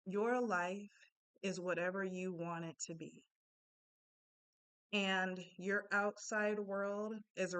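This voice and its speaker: A woman's voice: medium pitch, smooth. A young adult woman giving a casual, chatty self-help talk, candid and full of asides.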